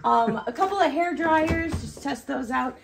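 A woman's voice: high-pitched, moderate pace. A middle-aged woman, chatting casually with lots of fillers as she shows off her thrift finds on a phone camera. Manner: chatty, giggly, with many fillers. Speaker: vlogger showing reseller finds. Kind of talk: casual chat. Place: car and stores, on the go. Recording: phone video with clear background noise.

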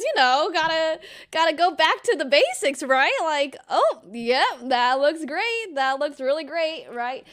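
Young woman, livestream chat, high voice, excitable, giggly, squealing, swears a lot. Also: takes it slowly, over music. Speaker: streamer. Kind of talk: casual livestream chat, reacting to an old clip.

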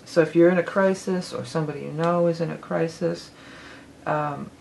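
A woman's voice: low voice, steady tone, moderate pace, vocal fry, a little mellow, a little hiss or hum, rough recording. A woman giving a casual tarot forecast, rambling and correcting herself as she goes, with the odd laugh. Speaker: tarot reader.

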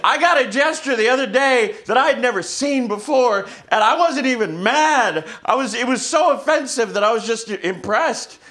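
A man performing a loud, profane stand-up comedy set, laughing as he tells his stories on a club stage. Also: very high voice, expressive, normal speed, few pauses. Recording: live club recording with crowd noise.

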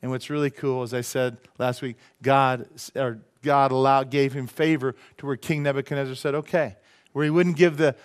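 A middle-aged male pastor preaching a sermon in a casual, folksy way, with quick asides to the congregation. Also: medium pitch, fairly even intonation, clear, resonant tone. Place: church sanctuary.

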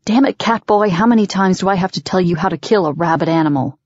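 A woman's voice: on the low side, takes it slowly, darkish tone, dry recording, lo-fi sound. A woman voicing a brash, sarcastic man who snaps taunts, in an audiobook. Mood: mocking. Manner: snapping, sarcastic. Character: brash, mocking male soldier.

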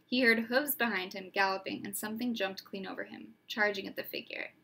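A woman narrating a storybook aloud in a steady, expressive way. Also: medium pitch, brisk, vocal fry. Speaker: reader.

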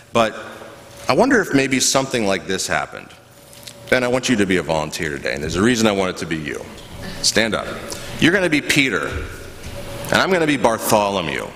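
A man, a pastor, giving a children's sermon in a church, telling a story with animated voices and asking the kids questions. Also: fairly low pitch, a little hiss or hum. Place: church sanctuary. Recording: echoey church hall, faint ambience.

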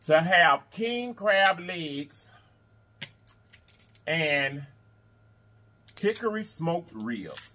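A man hosting a mukbang eating video in casual chat, animated and repetitive, calling his viewers y'all and honey. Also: on the high side. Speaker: mukbang host. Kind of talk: casual eating vlog talk.

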